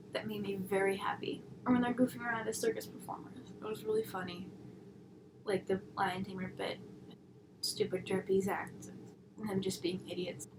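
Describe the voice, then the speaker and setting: Young woman, casual reviewer, rambly and sarcastic, higher voice, background noise. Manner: rambling, tangent-prone, sarcastic asides. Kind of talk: casual chat.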